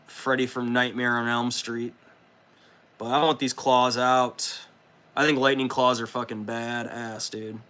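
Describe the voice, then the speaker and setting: A man hosting a casual livestream, loose and profane, excitable and chatting with his viewers as he works. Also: medium pitch, unhurried. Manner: loose, profane and excitable, reads chat aloud. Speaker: livestream host. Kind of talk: casual livestream chat while building models.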